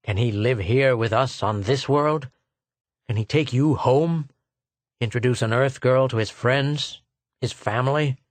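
A man's voice: medium pitch, measured pace, dry recording, close to an everyday voice. A man doing a bitter, weary older man. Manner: bitter, miserable.

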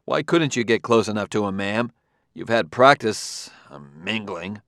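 A man's voice: lowish voice, lively intonation, a little slow, fairly bright tone, dry recording, studio quality. A man reading an audiobook, voicing a grave male detective who questions a suspect.

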